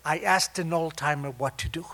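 A man in his sixties sharing a personal story at a recovery meeting, with wry, self-mocking humor that turns tender and soft. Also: on the high side, moderate pace, very noisy.

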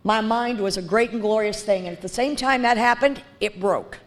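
A woman's voice: medium pitch, normal speed. A woman speaking bluntly and candidly as she shares her recovery story, with frequent fillers and restarts. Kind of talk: personal testimony talk.

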